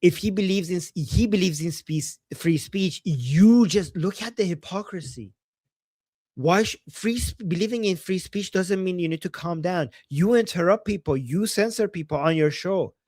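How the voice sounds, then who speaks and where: A man hosting a casual livestream, reading viewer chat and reacting heatedly to clips, swearing freely and swinging from soft asides to loud outbursts. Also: high voice, moderate pace, dry recording, clean studio sound. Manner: reads viewer chat aloud.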